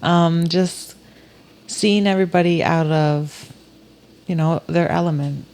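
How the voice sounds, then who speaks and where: A woman's voice: on the low side, steady tone, slow pace, darkish tone, poor audio. A woman co-hosting a casual podcast, answering in a laid-back, teasing way with frequent laughs. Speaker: podcast co-host.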